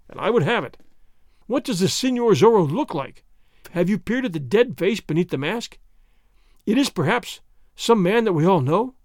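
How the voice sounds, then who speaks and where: A man's voice: high voice, no echo, studio quality, pitched above the performer's own voice. A man voicing a mild, foppish young nobleman who needles a sergeant in a mock-innocent way.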